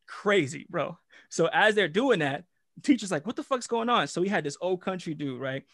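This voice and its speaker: Young man, New York accent, casual storyteller, profane and animated, dry close mic. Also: sits high, normal speed, no room sound. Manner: animated, profane, slangy, acts out voices. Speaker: guest storyteller.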